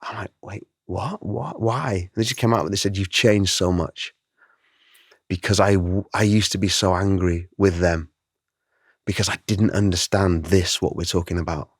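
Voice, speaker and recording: A middle-aged man, a guest artist, telling his story in an interview, animated and emotional, acting out the voices he quotes. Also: sits low, normal speed, slightly rough, no echo, studio quality.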